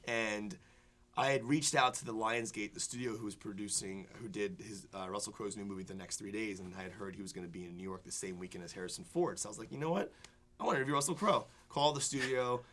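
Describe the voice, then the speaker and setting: A young man telling a story fast, with a fairly low voice and a faint hiss behind him. His tale pours out in excited, rambling bursts full of fillers and restarts. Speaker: film critic and entertainment interviewer. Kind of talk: animated storytelling in a studio interview. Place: television studio before a student audience.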